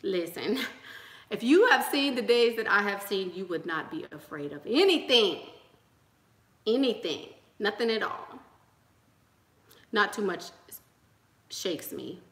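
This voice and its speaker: A woman's voice: medium pitch, lively intonation, slow pace, pauses often, a bit bright, roomy sound. A young woman giving an emphatic, sermon-style motivational talk to her channel's viewers, repeating rallying lines. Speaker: YouTube channel host.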